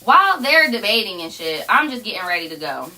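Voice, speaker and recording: Bright-voiced young woman telling a story. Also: mid-range voice, a little fast. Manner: animated, profane slang-heavy storytelling. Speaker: streamer. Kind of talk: casual storytime chat.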